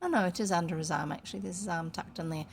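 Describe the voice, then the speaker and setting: A woman's voice: on the low side, very fast, gravelly, slight background noise. A woman from New Zealand reading a children's novel aloud, breaking off for casual asides describing the pictures. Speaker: storybook reader.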